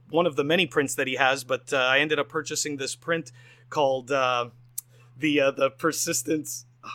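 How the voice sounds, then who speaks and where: A man's voice: on the high side, fairly bright tone. Upbeat rambling podcast host, man. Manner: rambling, upbeat, many fillers. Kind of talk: casual podcast interview.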